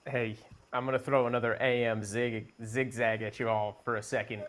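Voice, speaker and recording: A man's voice: medium pitch, little pitch movement, normal speed, fairly bright tone. A man co-hosting a podcast, delivering an emphatic comic opinion built on rhetorical questions. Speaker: podcast co-host. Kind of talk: comedic opinion segment.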